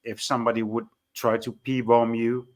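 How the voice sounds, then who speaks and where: A man's voice: mid-range voice, monotone, normal speed. A man joining a casual chat as a guest, asking questions with hesitant restarts.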